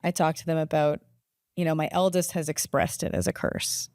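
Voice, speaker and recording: A woman hosts a podcast in a relaxed, conversational way, her voice pitched on the low side. She mostly chimes in with quick agreement, and the recording is dry and close. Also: dry recording. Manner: warm listener, short affirmations and quick agreement. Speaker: podcast host. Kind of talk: casual conversation.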